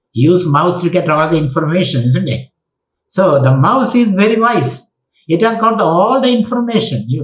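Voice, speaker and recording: A man gives a lecture, often repeating himself as he tells a fable. His voice is fairly high for a man, and it echoes around a roomy space. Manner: storytelling with Sanskrit quotes and repeated phrases. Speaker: spiritual teacher. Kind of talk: online lecture. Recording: roomy echo.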